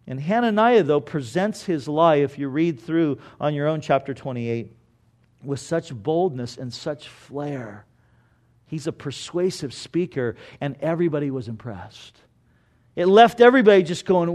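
A male preacher with a slightly higher voice delivers a sermon as lively storytelling. He swings from loud, emphatic bursts to low, quiet asides. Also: measured pace. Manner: animated storytelling, rising loud for emphasis then dropping low.

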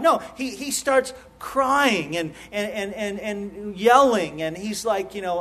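A middle-aged pastor preaches with a notably high voice for a man. He talks earnestly, stumbling into quick repeated words and restarts as he builds his points. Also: a bit bright. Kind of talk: sermon.

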